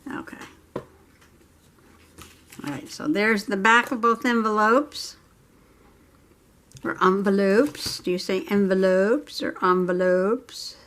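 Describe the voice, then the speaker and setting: A woman's voice: mid-range voice, takes it slowly, pauses often, pushed and bright, slight background noise. A woman vlogger chatting casually to herself and viewers as she works on a craft project at home. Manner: chatty, thinking aloud while working.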